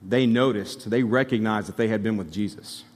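Pastor from Alabama preaching in a reverberant hall. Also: male voice, on the low side, moderate pace. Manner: conversational, emphatic preaching with asides to the congregation. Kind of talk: sermon. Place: church sanctuary. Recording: long hall reverb from the sanctuary.

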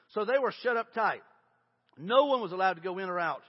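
Husky-voiced preacher in an echoey hall. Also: male voice, high-pitched, quick pace, muffled recording. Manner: conversational, animated storytelling with reading aloud. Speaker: pastor. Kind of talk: sermon.

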